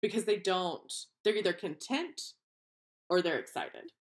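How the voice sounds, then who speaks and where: Lower-pitched woman co-host, chatty and animated, acts out voices. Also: unhurried. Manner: animated storyteller, acts out quoted voices, laughs often. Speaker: podcast co-host. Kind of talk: casual chat.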